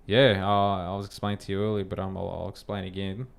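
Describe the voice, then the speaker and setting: A man's voice: sits low, fast talker, vocal fry, clear, resonant tone. A young Australian man on a casual podcast, telling a story with lots of swearing and acted-out quotes. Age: young adult. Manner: animated, swears freely, acts out quotes. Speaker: podcast co-host.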